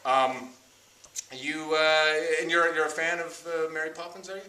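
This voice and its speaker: A man's voice: fairly high pitch, fairly even intonation, moderate pace, pushed and bright. A male comedian performing live improv on stage, self-mocking and laughing as he talks. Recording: echoey room, mic at a distance.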